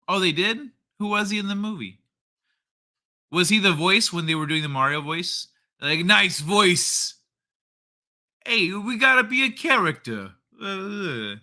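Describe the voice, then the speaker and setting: Young male host, bright, slightly high voice, slangy and jokey. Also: animated, a little fast. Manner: joking, laughs often, loose slang. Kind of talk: casual late-night stream chat.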